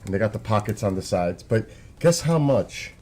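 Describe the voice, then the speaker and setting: Chatty New York man, a bit low. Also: lively intonation, normal speed, a little mellow. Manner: rambling, chatty, talks to viewers. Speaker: live streamer. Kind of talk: casual live-stream chat.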